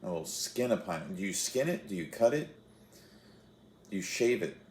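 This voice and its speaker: A man's voice: deep voice, lively intonation, moderate pace, reverberant, slight background noise. A man in his thirties hosting a fruit-tasting web show, chatting casually to the camera in a rambling, self-deprecating way with filler restarts. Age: 30s.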